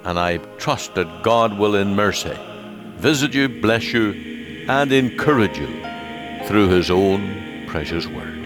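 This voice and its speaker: A male pastor preaching a radio sermon, dramatic with rising questions and slowed emphasis. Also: fairly low pitch, animated, music in the background.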